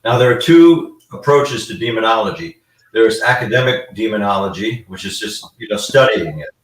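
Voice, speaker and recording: A man's voice: fairly low pitch, lively intonation, normal speed. Man, casual explainer, rambling with fillers, distant mic, echoey room. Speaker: guest demonologist. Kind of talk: casual live-stream talk.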